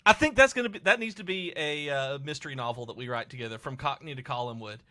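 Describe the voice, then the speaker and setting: A man's voice: medium pitch, fast talker, pushed and bright. A young adult man hosting a livestream, chatting enthusiastically and casually while playing. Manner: enthusiastic, chatty, hums to himself. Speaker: livestream host. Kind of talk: casual gameplay chat.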